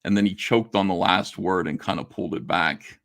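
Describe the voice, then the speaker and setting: A man's voice: low-pitched, moderate pace, fairly bright tone. A middle-aged man, a comic artist and YouTuber, talking to camera in a casual monologue, blunt and indignant, swearing and stumbling over restarts.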